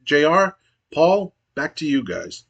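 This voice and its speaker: A man's voice: on the high side, very animated, slow pace, gravelly, a bit bright, lo-fi sound, full character voice. A man voicing a polite male backstage interviewer who asks formal questions.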